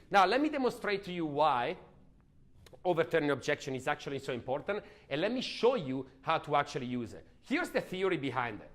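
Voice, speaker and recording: Energetic, emphatic male sales trainer. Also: a little high, quick pace. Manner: energetic, emphatic, asks audience questions. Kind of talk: motivational training talk.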